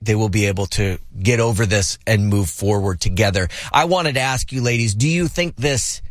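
A man's voice: fairly low pitch, moderate pace, dry recording, studio quality. A man hosting a radio show, telling stories and teasing his co-hosts in casual banter. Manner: playful, teasing storyteller.

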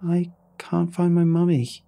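Male narrator voicing a small lost girl: tiny, flat, emotionless, high and distant. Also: a little slow, vocal fry.

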